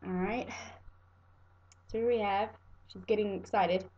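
A woman's voice: mid-range voice, unhurried, highs cut off. A young woman with a stuffy nose, playfully reciting a children's poem as a storybook reading. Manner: playful, animated. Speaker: poetry reader.

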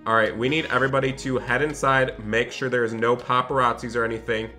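A man's voice: medium pitch, level tone, brisk, pushed and bright, faint music behind. A man hosting a game role-play video, chatting upbeat and directly to his viewers. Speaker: gaming channel host.

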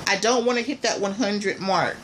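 A woman vlogger chatting casually and playfully to her viewers, calling them y'all, with loud bursts between quieter asides. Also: mid-range voice, normal speed, a little hiss or hum. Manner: animated, swings between soft asides and loud exclamations.

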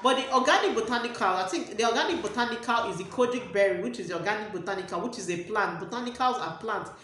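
A woman's voice: mid-range voice, fast, a bit bright, slight background noise. A woman with a Nigerian English accent gives a casual skincare product review, often repeating words and restarting phrases as she explains. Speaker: skincare vlogger. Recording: very echoey room.

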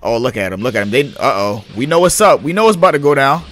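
A young adult man giving casual let's-play commentary, slangy and excitable, hyping and yelling at the game as he plays. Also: mid-range voice, quick pace, faint music behind. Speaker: gaming YouTuber.

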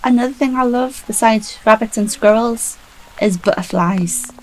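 A gaming YouTuber with a fairly high, slightly mellow voice chats at a moderate pace while playing a video game, heard through poor audio. She's sleepy and trying not to yawn, poking fun at herself as she talks.

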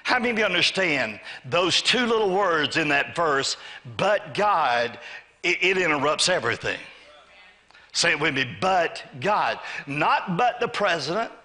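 Preaching to his congregation in the church sanctuary, this pastor speaks at a moderate pace in a fairly high, sharp voice with big swings in pitch. He asks the people to say amen and acts out a greedy man and God, call-and-response style.

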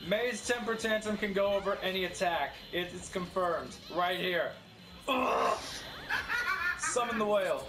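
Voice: mid-range voice, moderate pace, hardly any pauses, heavy background noise. A gamer commenting on their own play, incredulous, repeating questions and breaking into laughter. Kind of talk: casual gameplay commentary. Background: game music.

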